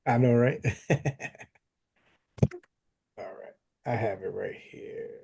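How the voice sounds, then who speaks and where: A man's voice: on the low side, steady tone, takes it slowly, creaky, darkish tone, breathy edge. A man from a reading group chatting casually, joking about himself with many restarts. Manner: joking, self-deprecating, stumbling restarts.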